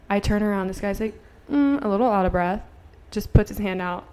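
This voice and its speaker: Here a woman in her twenties co-hosts a podcast, her medium-pitched voice quick, steady, and darkish in tone. She chats casually through a story, leaning on fillers and acting out lines of dialogue with swearing.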